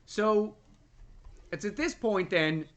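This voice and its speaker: A young adult man co-hosting a movie review podcast, casually and animatedly retelling scenes and jumping into loud voices for the characters. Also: sits high, lively intonation, slow pace, dull audio. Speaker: podcast co-host.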